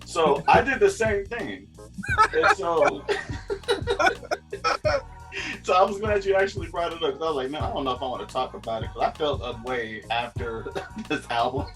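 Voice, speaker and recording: A man's voice: fairly high pitch, normal speed, pauses often, music in the background. A man co-hosting a podcast in casual chat, telling stories with lots of laughter. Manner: laughs often, animated storytelling. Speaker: podcast co-host.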